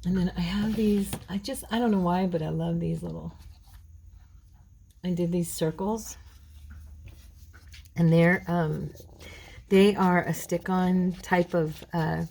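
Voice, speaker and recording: A middle-aged woman hosting a crafting video at home, chatting casually and rambling between tasks, clearing a frog in her throat. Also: fairly low pitch, steady tone, slow pace, long pauses, a little mellow, poor audio. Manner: rambling, chatty, addresses viewers as girls. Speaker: craft channel host.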